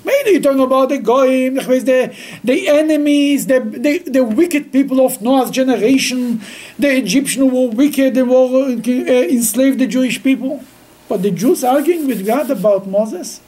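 A man leads a weekly scripture class in a mellow, dark voice. He talks haltingly and often restarts his sentences. He grows lively when he tells a story. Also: extremely high pitch, poor audio. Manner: halting, with frequent restarts, grows lively while telling stories. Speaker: Torah teacher.

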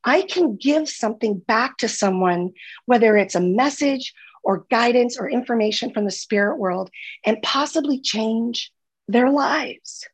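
Her voice sits on the high side, husky and unhurried, with lively intonation. She's a podcast guest, once a nurse and now a spiritual healer, chatting casually in an earnest, heartfelt way and frequently repeating herself.

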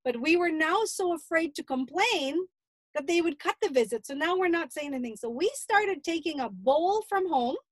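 A middle-aged woman with a high voice tells her family's story as a grandmother. She speaks in an earnest, pleading tone that turns indignant. The sound is dry and close, with little room echo. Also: animated, moderate pace. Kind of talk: emotional personal testimony.

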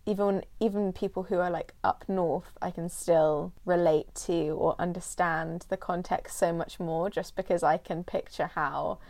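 A woman's voice: on the low side, steady tone, unhurried, few pauses, a little mellow. A young woman chatting casually as a podcast co-host, rambling and filling her talk with "like". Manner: rambling, peppered with "like". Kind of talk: casual chat.

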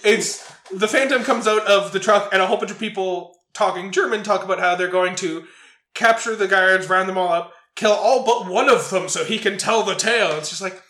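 A man's voice: high voice, echoey room. A man co-hosting a casual movie review chat, swearing and laughing as he retells scenes. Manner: swearing, laughing, animated storytelling. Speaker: podcast co-host.

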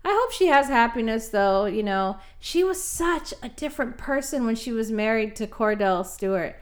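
A woman's voice: on the high side, moderate pace. A woman co-hosting a podcast, chatting casually and retelling a reality show scene with acted-out voices. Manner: animated storyteller, acts out voices. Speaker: podcast co-host. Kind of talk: casual chat.

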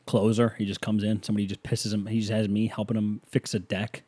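A man's voice: fairly low pitch, flat delivery, fast, mellow, husky, no room sound. A man hosting a podcast, rambling through a casual solo monologue with self-mocking jokes. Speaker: podcast host.

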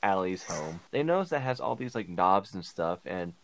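An animated man with a fairly low voice whose pitch swings widely as he talks. He recaps a movie plot in casual podcast chat, full of "like" and "um". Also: normal speed. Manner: animated plot retelling with frequent fillers. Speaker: podcast co-host.

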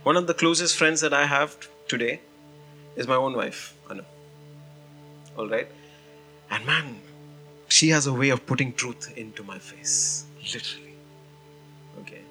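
Male pastor, animated sermon storyteller, bright tone over soft music. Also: medium pitch, moderate pace, long pauses. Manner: animated storytelling, frequent "you know" and "man".

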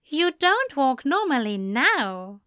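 A woman's voice: very high voice, lively intonation, takes it slowly, sharp tone, dry recording, studio quality, pitched above the performer's own voice, heavily acted. A woman reading a story, voicing an adult male angel who talks in a breathless, adoring way. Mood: gentle teasing. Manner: breathless, adoring, murmuring endearments.

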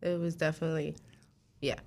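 A woman's voice: low-pitched, flat delivery, brisk, darkish tone. A young woman from New Jersey chatting with animation as a student co-host, laughing often. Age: young adult. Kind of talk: casual chat.

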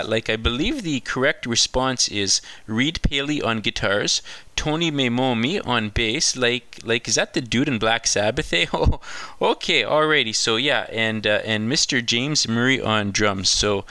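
Picture a goofy, beer-swilling Canadian hoser, put on by a man with a Canadian accent, drawling along and sprinkling "eh" everywhere. The voice is bright and pushed high, and it sounds dry and close. It plays as a laid-back comedy bit. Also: animated, moderate pace, dry recording. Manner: drawling, lots of "eh" and "like", chuckling.

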